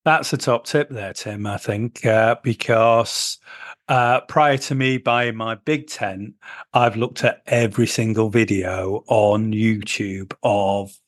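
A man's voice: fairly low pitch, fairly even intonation, takes it slowly, dry recording, studio quality. Rambling man, chatty co-host. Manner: rambling, with many fillers and restarts. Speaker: podcast co-host. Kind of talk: casual chat.

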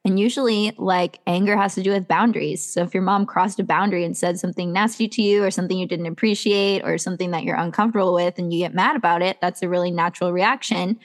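A woman's voice: on the low side, fairly even intonation, fast, hardly any pauses. A woman who works as a self-love coach, speaking as a podcast guest in an earnest, encouraging way with lots of "like" fillers. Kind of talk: casual podcast chat.

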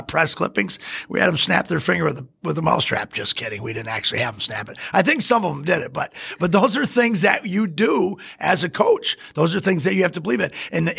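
A man who coached high school football, chatting on a podcast in an excitable, rambling way with many restarts. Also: vocal fry, breathy edge. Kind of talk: casual podcast chat.

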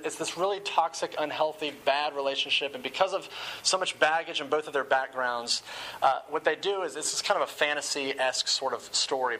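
A man's voice: a little high, bright, forceful tone, slight background noise, low-quality recording. A man preaching a sermon to a live audience in a room, earnest and conversational, with casual asides.

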